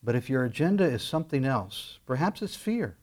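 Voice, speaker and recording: A man preaching a sermon as pastor, swinging between loud emphatic lines and quiet asides. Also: medium pitch, big pitch swings, fairly quick.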